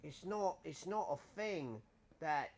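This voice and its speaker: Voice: medium pitch, expressive. A streamer doing a put-on British accent, rambling in mock outrage with heavy slang over live gameplay. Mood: mock-outraged. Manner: over-the-top slang, drawn-out indignant rambling. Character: exaggerated slangy Brit, adult, dramatic and mock-outraged.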